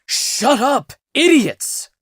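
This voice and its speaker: A woman reads out a panicky young man with a broken leg, crying out orders in a high, strained voice. He wails and bosses his friends around. The audiobook recording is dry and close. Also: big pitch swings, very slow, no room sound, heavily acted. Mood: frantic. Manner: frantic shouting and wailing. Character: panicky injured young man, dramatic, bossy.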